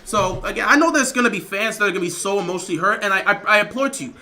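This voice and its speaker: A livestream host delivers emotional, rambling live commentary on a football game as he watches it, repeating himself and reading out viewer donations. His voice sits high and sounds racing, pushed and bright.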